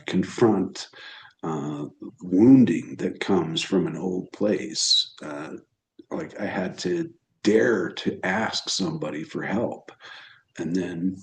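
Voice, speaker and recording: A man hosting an astrology channel, telling a personal story in a halting way, choked up and pausing often. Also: low-pitched, darkish tone, echoey room. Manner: halting, emotional, pauses and restarts.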